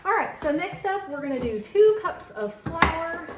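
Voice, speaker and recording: Mom vlogger, thirties, rambling baking chat, echoey kitchen with audible clatter. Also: female voice, extremely high pitch, big pitch swings, measured pace, very noisy. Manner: chatty, many fillers, talks to her son. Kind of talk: casual chat while baking. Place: home kitchen.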